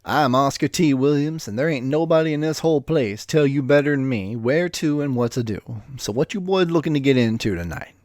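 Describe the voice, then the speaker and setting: A man's voice: medium pitch, expressive, fairly quick, few pauses, a little mellow, no echo, studio quality, natural voice. A man reading the part of a gritty, charming cab driver in his fifties with an easygoing, streetwise manner.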